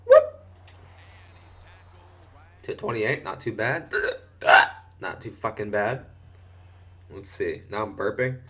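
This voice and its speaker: A man's voice: on the low side, lively intonation, slow pace, long pauses. A young man doing casual, profane gameplay commentary while hiccuping, breaking into exaggerated yelps. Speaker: gaming commentator.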